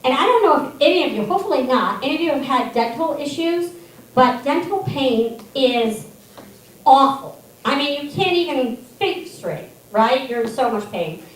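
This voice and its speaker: High-voiced woman doing stand-up in an echoey hall. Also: normal speed, far from the mic, a little hiss or hum. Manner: animated, self-deprecating, wry. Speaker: student stand-up comedian. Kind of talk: stand-up storytelling. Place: comedy theater stage.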